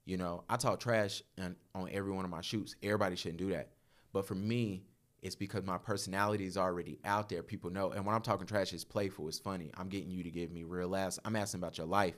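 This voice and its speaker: Man in his thirties, low voice, animated storyteller, casual podcast chat. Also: fast. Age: 30s. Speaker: podcast guest.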